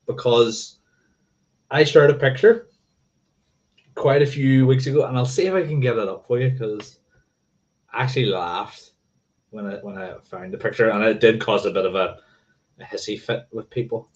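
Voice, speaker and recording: A man's voice: medium pitch, moderate pace, pauses often, a little mellow, highs cut off. A man hosting a casual livestream, rambling and correcting himself and swearing offhandedly. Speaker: motorcycling livestream host.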